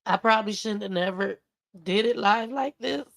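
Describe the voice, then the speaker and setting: A woman's voice: medium pitch, moderate pace, creaky, dry recording. A woman hosting a livestream, talking heartfelt and close to tears as she thanks her viewers, calling them y'all and baby. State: emotional, close to crying. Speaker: livestream host. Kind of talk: emotional casual livestream talk to viewers.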